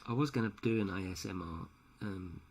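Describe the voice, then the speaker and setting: A man's voice: deep voice, normal speed, gravelly, a little mellow, husky. A man streaming live from home as he paints a model, talking casually and joking often with his viewers. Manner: chatty, jokey, laughs often. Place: home room at night. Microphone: headset.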